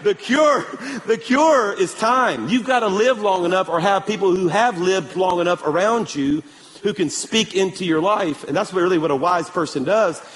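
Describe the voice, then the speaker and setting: High-voiced man preaching in an echoey hall. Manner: animated storytelling, calls for amen. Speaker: pastor. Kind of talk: sermon.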